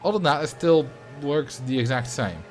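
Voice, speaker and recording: A man talks casually over a live game stream, rambling along and answering his chat as he plays. He speaks into a desk microphone. Soft game music plays quietly behind his voice. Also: fairly high pitch, animated, moderate pace. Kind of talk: casual live gameplay commentary. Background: faint game music.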